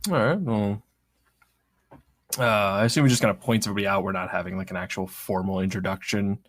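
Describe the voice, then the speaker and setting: A man playing in a tabletop game, talking in a relaxed, offhand way. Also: lowish voice, fairly quick. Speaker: player. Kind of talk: casual tabletop play.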